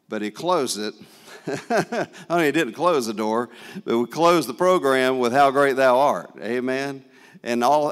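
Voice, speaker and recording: An older man telling a folksy, animated testimony as a guest speaker at a church service. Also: mid-range voice, long reverb tail. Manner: folksy, animated storyteller with frequent praise interjections. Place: church sanctuary.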